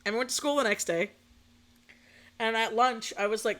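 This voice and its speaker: A woman's voice: on the high side, fairly quick, pauses often, a bit bright. A young adult woman telling a story in a casual, chatty way as a streamer. She swears freely and acts out what people said. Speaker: VTuber streamer.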